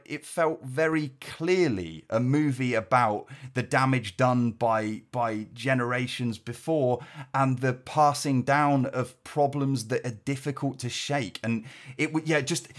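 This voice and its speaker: A man co-hosting a podcast, talking earnestly and passionately about films with plenty of casual fillers. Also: mid-range voice. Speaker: podcast co-host reviewing films. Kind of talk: casual conversational review. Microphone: headphones and podcast mic.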